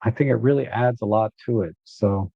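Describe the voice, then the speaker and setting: A man hosting a live photo editing walkthrough, relaxed and thinking aloud as he works. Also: lowish voice, normal speed, vocal fry, breathy edge, no room sound, highs cut off.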